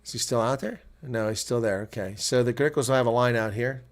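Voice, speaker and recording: An American man giving live reaction play-by-play commentary, chatty with viewers and breaking into loud shouts at big plays. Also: mid-range voice, brisk. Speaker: host.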